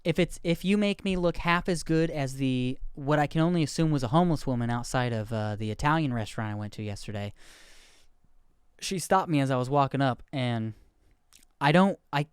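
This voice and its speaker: A man's voice: mid-range voice, expressive, brisk, clean tone, no echo, studio quality. A man in his thirties hosting a podcast, rambling candidly and poking fun at himself in casual chat. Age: 30s. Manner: rambling, candid, self-deprecating. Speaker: podcast host.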